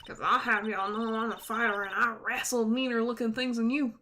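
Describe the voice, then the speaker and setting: A woman's voice: mid-range voice, moderate pace, bright, forceful tone, slight background noise, natural voice. Lotta Hart, a drawling country gal as a woman puts her on. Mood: folksy. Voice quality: drawling rustic twang. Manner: folksy and boastful. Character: brash young country woman photographer.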